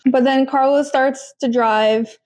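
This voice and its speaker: A woman hosting a podcast, chatting casually and retelling funny moments with quick quoted voices. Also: high-pitched. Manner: animated storytelling with quick quoted voices and laughs. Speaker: podcast host. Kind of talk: casual recap chat. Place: home kitchen.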